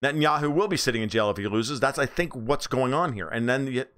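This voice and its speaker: Casting: male livestream host from the US, mid-pitched, blunt, sarcastic, swears freely. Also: fast, a bit bright, smooth. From United States. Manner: mocks others in high squeaky voices. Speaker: livestream host reading chat. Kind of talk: casual political livestream commentary.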